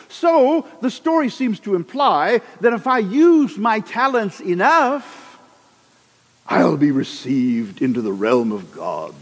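A man preaching a sermon, animated and acting out the people in his stories. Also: high-pitched, slow pace, long reverb tail. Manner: animated, acts out characters in the stories.

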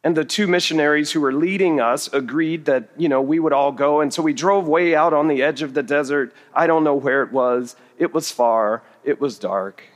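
This middle-aged preacher has a slightly high voice and keeps a moderate pace with few pauses. He tells humorous, self-deprecating stories as part of his sermon, recorded in a reverberant hall.

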